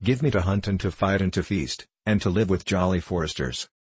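A man voicing a bold young forester lad from an old adventure tale, blunt and boastful. His voice is low and husky, recorded dry and close. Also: fairly quick, no echo. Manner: blunt, boastful, archaic speech.

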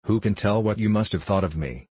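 Brief: soft-spoken pious young bride, voiced by a male reader, low and husky, gentle. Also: animated, a little fast, dry recording. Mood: pleading. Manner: gentle, pleading.

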